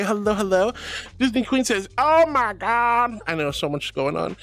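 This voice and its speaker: A giggly VTuber chats with her stream audience, reading their messages and calling them darling and sweetie. Her voice is animated and medium-pitched, at a normal speed.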